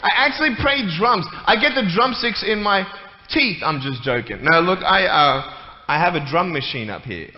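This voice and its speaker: A guest speaker gives a humorous stage talk to a church audience, his high voice swinging widely in pitch at a normal speed. The church hall recording is echoey and muffled, with faint background noise.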